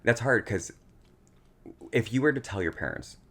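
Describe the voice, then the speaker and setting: A man's voice: mid-range voice, moderate pace. A man co-hosting a podcast, telling a personal story in a casual, emotional way. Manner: emotional, tearful at times, animated storytelling. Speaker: podcast co-host.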